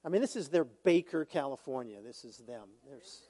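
A man preaching a sermon as pastor, conversational and lively, with humorous asides. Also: medium pitch, moderate pace. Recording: long hall reverb.

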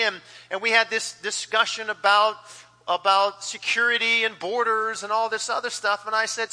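A male pastor preaches in a church, rambling through his points with plenty of fillers and restarts. His voice sits high and sounds very bright. A long reverb from the hall trails behind his words. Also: flat delivery, normal speed. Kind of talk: sermon with a told joke. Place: church sanctuary.

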